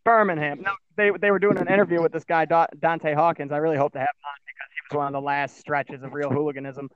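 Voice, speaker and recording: A man's voice: a little high, steady tone, fast talker, clean tone, dry recording, highs cut off. An American man from Michigan hosting a podcast, talking in a loose, profane, rambling way. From Michigan, USA. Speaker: podcast host. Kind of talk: casual podcast chat.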